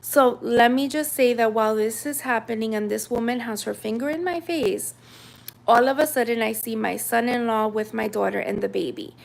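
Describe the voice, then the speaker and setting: Chatty woman with a gravelly voice. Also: fairly high pitch, moderate pace. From United States. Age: 30s. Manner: chatty, animated retelling with many fillers. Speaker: storyteller. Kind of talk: casual storytime vlog.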